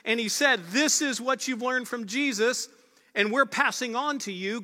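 A male pastor with a high, bright, forceful voice delivers an earnest, conversational sermon. He leans on repeated phrases to drive his points home. His words ring out with a long reverb, as if filling a large church. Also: normal speed.

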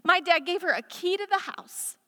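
A woman's voice: very high-pitched, normal speed, sharp tone. A woman preaching a sermon in an impassioned way, building to emphatic declarations, in a church sanctuary. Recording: echoey hall reverb.

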